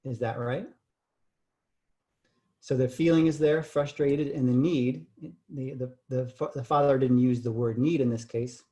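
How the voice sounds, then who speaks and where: A man's voice: medium pitch, fairly even intonation, normal speed, few pauses, warm tone. A man leading a communication workshop, explaining patiently and checking in with "right?" tag questions. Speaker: communication trainer. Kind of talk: workshop lecture.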